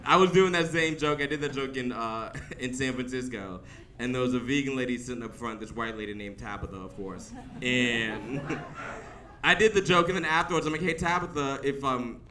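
A man doing a stand-up set on a club stage, animated and laughing through his punchlines. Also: mid-range voice. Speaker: stand-up comedian. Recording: live club mic, distant with crowd laughter. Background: audience laughing.

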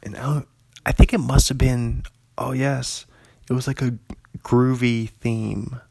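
A man's voice: medium pitch, level tone, normal speed, gravelly, warm tone, slightly rough, no room sound. A young man rambling casually through a film list, chatty and digressive, reading listings aloud and laughing often. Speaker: commentator reviewing an actor's films.

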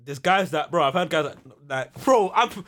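A man's voice: on the high side, lively intonation, normal speed, fairly bright tone. A young man, telling a rambling story in heavy slang on a casual podcast. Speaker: podcast host. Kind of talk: casual chat.

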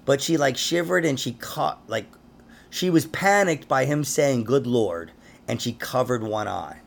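Gravelly, rambling podcast host. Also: male voice, mid-range voice, expressive, a little slow, a little hiss or hum. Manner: rambling, laughs often. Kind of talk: casual conspiracy podcast chat.

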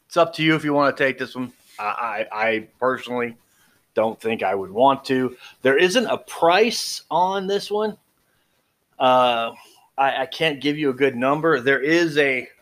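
A man's voice: medium pitch, a bit bright. Man reading drug warnings with wry asides. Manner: stumbling over long words, wry asides. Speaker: vlogger reviewing medications. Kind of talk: casual read-aloud commentary.

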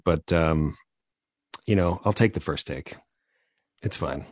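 A man's voice: sits low, normal speed, pauses often, no echo, clean studio sound. A man appearing as a podcast guest, chatting casually in a playful, self-deprecating way. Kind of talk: casual chat.

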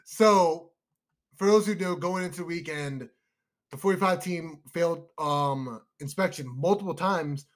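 A young man co-hosting a casual podcast chat, excitable and emotional, calling his listeners "y'all". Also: on the high side. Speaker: podcast co-host.

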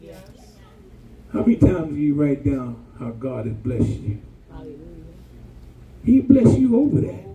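A man preaching a sermon, animated and colloquial, calling out to the congregation. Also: fairly high pitch, reverberant, distant mic, low-quality recording.

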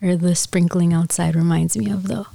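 A young woman hosting a casual solo podcast from her bedroom, talking softly so her sleeping baby stays asleep, into a mic on a stand. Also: lowish voice, fairly even intonation, moderate pace, vocal fry, no room sound. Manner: soft, hushed talk so as not to wake her baby. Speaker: podcast host. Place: bedroom, window open to light rain. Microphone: mic on a stand with a mixer.

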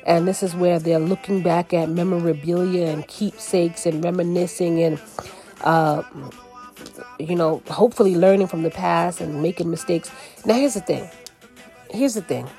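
A woman giving a casual, chatty podcast card reading, talking in an animated way and often checking in with "right?" and "you know". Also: lowish voice, moderate pace, soft background music. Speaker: tarot card reader.

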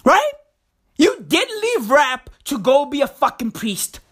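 A woman hosts a freestyle comedy podcast monologue, rambling and profane and tossing slang at the listener. Her voice sits high and swings widely in pitch. She talks at an unhurried pace. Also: sing-song. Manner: rambling, profane, repeats slang address "bruv". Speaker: podcast host.

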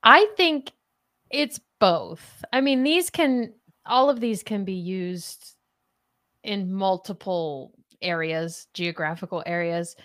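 A woman's voice: mid-range voice, takes it slowly, fairly bright tone. A woman hosting a casual podcast chat and running a playful quiz, laughing often. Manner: giggly, chatty, laughs often. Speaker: podcast host.

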